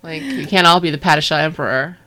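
A woman's voice: low-pitched, lively intonation, quick pace, sharp tone. A woman co-hosting a podcast, rambling casually with fillers and laughs. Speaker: podcast co-host. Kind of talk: casual chat.

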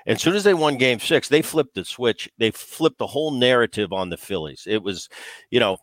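A man's voice: medium pitch, lively intonation, brisk, fairly bright tone, no echo. A man co-hosting a baseball podcast, a former player who talks in a casual, emphatic way and often repeats himself as he restarts. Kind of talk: casual sports talk.

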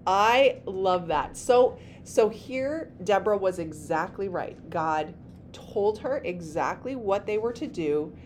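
A woman co-host reading a Bible passage aloud and retelling it in a lively, dramatic way. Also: mid-range voice, slow, slight background noise.

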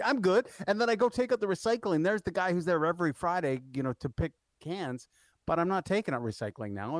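A man's voice: mid-range voice, dry recording. A man co-hosting a sports radio show, telling rambling stories full of fillers. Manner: rambling storyteller, many fillers. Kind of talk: casual sports radio chat. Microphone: studio microphone.

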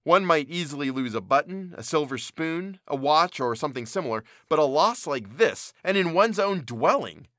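Bright male storybook narrator. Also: a little high, lively intonation, moderate pace, few pauses, no room sound, clean studio sound. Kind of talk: storybook reading.

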